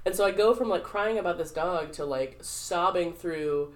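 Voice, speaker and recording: A young woman from the southern United States chats on a podcast, her voice sitting a little low. She rambles through an anecdote, full of "like" fillers, and swings her pitch widely when she quotes people. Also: normal speed. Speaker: podcast co-host. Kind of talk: casual chat.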